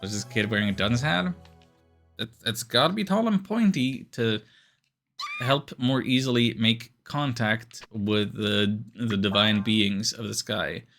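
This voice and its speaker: Man streaming a game, low gravelly voice, slow, lively pitch, faint game music. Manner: rambling, self-deprecating. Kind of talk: casual let's-play commentary.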